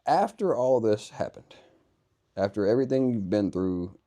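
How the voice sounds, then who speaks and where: A man's voice: on the low side, lively intonation, moderate pace, warm tone. A young man hosting an interview, talking in a rambling, earnest way and thinking aloud as he goes. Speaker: podcast host. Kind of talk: conversational interview.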